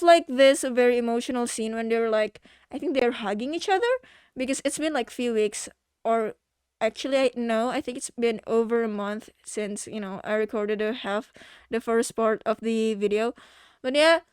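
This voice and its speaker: A woman's voice: high-pitched, clear, resonant tone, no echo, studio quality. A young woman recapping a movie in casual, rambling commentary, heartfelt, full of fillers, swearing and laughing at times. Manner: swears and laughs while talking. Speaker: movie reaction vlogger.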